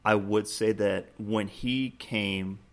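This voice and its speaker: Low-voiced man telling a game story. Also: slow pace. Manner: animated storytelling, many restarts, acts out game prompts. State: choked up, laughing. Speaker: podcast co-host. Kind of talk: casual podcast chat.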